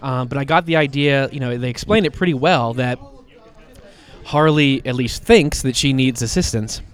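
A man's voice: medium pitch, normal speed, smooth. A man with a slight cold, co-hosting a comic book podcast and retelling a story in casual chat, rambling with lots of fillers and restarts.

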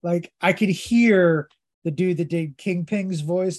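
Podcast host, unhurried and rambling, lots of ums, casual comic recap. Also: medium pitch, darkish tone. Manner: rambling, hesitant, many fillers.

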